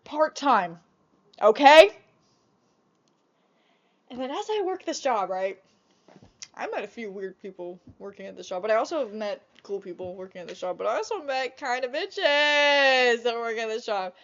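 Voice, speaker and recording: Young woman vlogger, higher voice, animated, foul-mouthed storyteller; lo-fi computer mic. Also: moderate pace. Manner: chatty, swears often, animated retelling. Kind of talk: casual storytime vlog.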